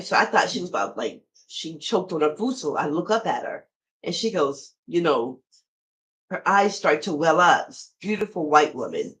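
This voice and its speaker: On a roughly recorded podcast, a middle-aged host shares something from her own life, talking directly to her audience in an easy, conversational way. Her voice sits on the lower side.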